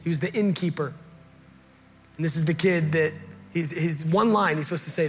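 A pastor preaching a sermon in a slightly high voice, telling stories in a relaxed, joking way with plenty of ums and restarts. A long reverb rings around him, and soft music plays underneath. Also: male voice, moderate pace. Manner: conversational storytelling, joking, with fillers.

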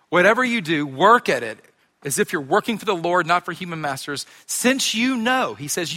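A man's voice: sits high, expressive, moderate pace, pushed and bright. A man preaching a sermon, telling a story in a chatty, self-deprecating way. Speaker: pastor. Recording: reverberant hall.

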